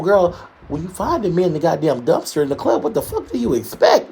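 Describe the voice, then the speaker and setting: A man's voice: huge pitch swings, brisk, vocal fry, darkish tone, slight background noise. A man co-hosting a casual gossip talk show, sassy and emphatic, full of shade. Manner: sassy, shady, emphatic with big pitch jumps. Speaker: co-host.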